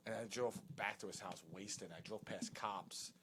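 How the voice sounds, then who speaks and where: A man's voice: on the low side, steady tone, brisk. A man telling a long, rambling, profane story in casual podcast chat, laughing as he goes. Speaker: comedian podcast co-host.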